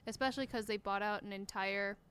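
Clear-voiced young woman co-host. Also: medium pitch, steady tone, a little fast, fairly bright tone. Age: young adult. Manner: explains at length, laughs easily. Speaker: podcast co-host. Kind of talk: casual podcast chat.

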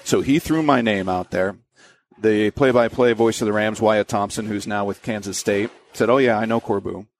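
Guy, low voice, young broadcaster chatting loose w lots of ums, little bit of hiss. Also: normal speed. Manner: relaxed storytelling with frequent fillers and restarts. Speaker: sports broadcaster and voiceover announcer. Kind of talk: conversational interview.

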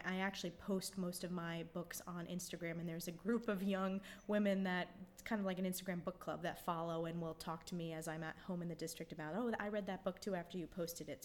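A woman's voice: lowish voice, a bit bright. An American woman in her thirties, a member of Congress, answering interview questions in an earnest, reflective way with frequent ums and restarts. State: choked up. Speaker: congresswoman guest.

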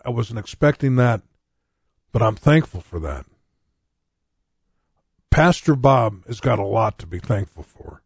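A man's voice: mid-range voice, creaky, darkish tone, no echo. A man in his sixties, a pastor from North Dakota, giving his personal testimony in a sermon in a candid, conversational way, with frequent restarts and wry jokes at his own expense. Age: 60s.

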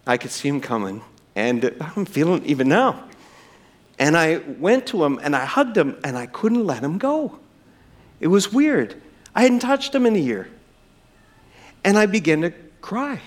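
A middle-aged male pastor delivers a sermon in church. He speaks earnestly, calls the listeners friends, and tells a personal story in a slightly higher-pitched voice. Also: very animated, moderate pace.

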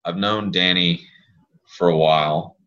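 A man in his thirties with a very low voice chats as a podcast guest. He tells loose, rambling stories in a laid-back way. The audio is a bit dull and lo-fi. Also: steady tone, measured pace, fairly bright tone. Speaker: guest, pelvic health physical therapist. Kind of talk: casual podcast conversation.

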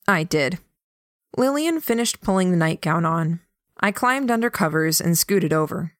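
A woman reading a novel aloud as a first-person audiobook narrator, calm and even. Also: fairly low pitch, moderate pace, no echo, studio quality.

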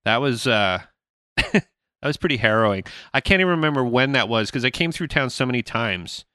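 Man, podcast host, rambling laughing storyteller, crisp bright voice, dry room. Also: medium pitch, lively intonation, moderate pace, dry recording. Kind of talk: casual chat.

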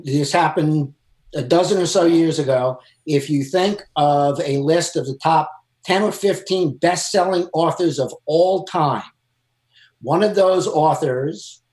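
A man's voice: a little high, darkish tone, echoey room. A man who works as a lawyer, giving firm, emphatic advice during a panel discussion. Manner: emphatic, advising.

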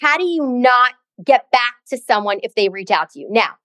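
A woman's voice: fairly high pitch, lively intonation, moderate pace, a bit bright, no room sound. A middle-aged woman co-hosting a podcast, telling a story in a dramatic, sassy, chatty way. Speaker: podcast co-host. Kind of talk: casual chat, storytelling.

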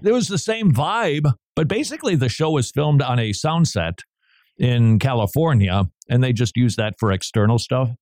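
A man's voice: medium pitch, animated, normal speed, a little mellow, dry recording, studio quality. A man hosting a radio talk show, chatting in a loose, digressive way and laughing between remarks. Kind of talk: casual on-air banter.

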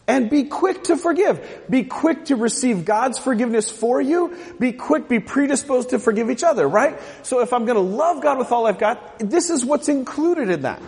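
A man's voice: extremely high pitch, expressive, brisk, darkish tone, long reverb tail. A man from the US West Coast preaching a sermon as pastor, joking and asking the congregation questions. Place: church sanctuary.

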